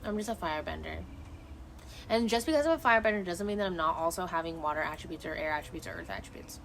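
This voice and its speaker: A woman's voice: lowish voice, fast, a bit bright, slight background noise. A woman streamer in casual chat outdoors at night, rambling and emotive and swearing freely as she talks into her phone. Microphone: phone camera.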